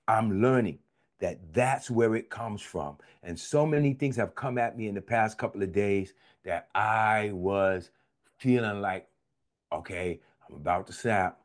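A man preaching a sermon in a conversational, vernacular style. He repeats phrases and swings between high shouts and low, confiding murmurs. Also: unhurried.

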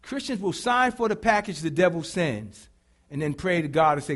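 A pastor preaching with call-and-response, animated and bursting into shouts. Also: male voice, on the high side, fairly quick. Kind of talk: sermon.

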